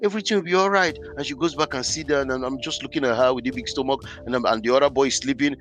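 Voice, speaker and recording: A man, a podcast guest, telling his life story in an animated, emphatic way. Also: mid-range voice, fast talker, faint music behind. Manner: animated, emphatic, acts out scenes. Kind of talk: personal storytelling in conversation.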